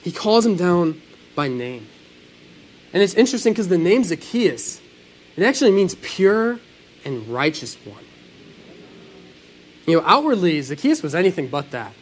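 Pastor, male. Earnest sermon delivery, high and very lively pitch. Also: unhurried, pauses often, rough recording. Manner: animated, earnest preaching with sudden swells and drops.

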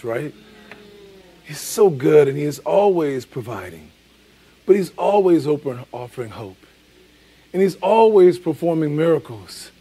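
A man's voice: fairly high pitch, dark tone, slightly rough. A man in his forties preaching a sermon in a conversational, emphatic way, repeating key phrases. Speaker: pastor.

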